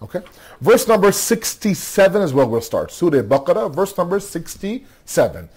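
A man giving an earnest sermon-style Quran lesson, asking rhetorical questions, repeating words for emphasis and reciting Arabic verses quickly. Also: sits high, big pitch swings, darkish tone, husky. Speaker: religious teacher.

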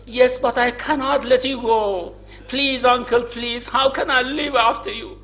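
A man's voice: extremely high pitch, fairly even intonation, a little slow, a bit bright, faint music behind. A man reading a grieving old leader, anguished. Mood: pleading. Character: grieving, anguished older male leader in battle.

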